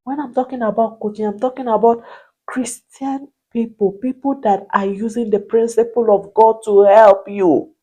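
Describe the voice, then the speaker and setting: A woman's voice: a little high, fairly even intonation, normal speed, dark tone, poor audio. Emphatic woman marriage coach. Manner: emphatic, repetitive rhetorical questions. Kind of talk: motivational preaching.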